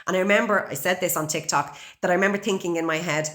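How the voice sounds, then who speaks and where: A woman's voice: fairly low pitch, quick pace, fairly bright tone. Blunt, swearing Irish woman in her forties. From Ireland. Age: 40s. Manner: blunt and heavily profane; raw and emotional. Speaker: podcast host. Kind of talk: candid personal storytelling.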